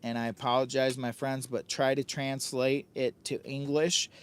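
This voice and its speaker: A man's voice: medium pitch, level tone, moderate pace, slight background noise. An older man hosting a camping livestream from a hot tent, chatting casually, repeating himself and calling himself by a nickname in the third person. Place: hot tent outdoors on a windy day.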